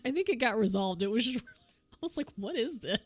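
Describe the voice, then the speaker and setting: A woman's voice: fairly high pitch, animated, fairly quick, no room sound, soft background music. A young woman streamer chatting casually while she crafts, telling a rambling story and laughing often. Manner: laughs often, rambling anecdote with acted quotes.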